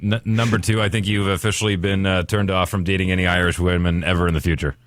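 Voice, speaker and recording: A man's voice: deep voice, level tone, quick pace, dry recording, studio quality. A man hosting a podcast in casual chat, reacting to his co-host and telling his own stories.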